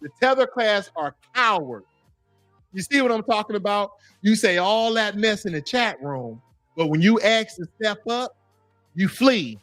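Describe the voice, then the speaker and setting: A man's voice: high voice, lively intonation, normal speed, fairly bright tone, dry recording, faint music behind. A man hosting a livestream, reading chat comments aloud and repeatedly goading a commenter to join the call. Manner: taunting, calls a chatter in over and over. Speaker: livestream host.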